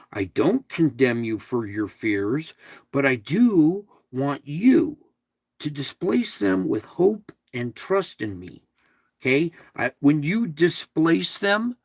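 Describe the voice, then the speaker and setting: A man speaks as God in a devotional talk, unhurried and drawn out, with a gravelly edge to his voice. He is blunt and plain-spoken, slips in crude words, and keeps coaxing the listener with questions. The sound is dry and close. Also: medium pitch, no echo.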